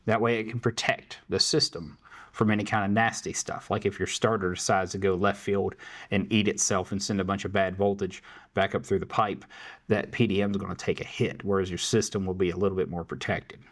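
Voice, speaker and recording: A man's voice: deep voice, little pitch movement, a little fast. A man hosting a casual tech Q&A, answering viewer questions in a loose, chatty way full of fillers. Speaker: tech support host. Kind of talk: casual Q&A livestream.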